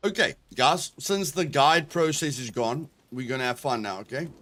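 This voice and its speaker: A man streaming a video game live, talking to his chat with sudden excited exclamations. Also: medium pitch, moderate pace. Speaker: gaming streamer. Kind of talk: live gameplay commentary.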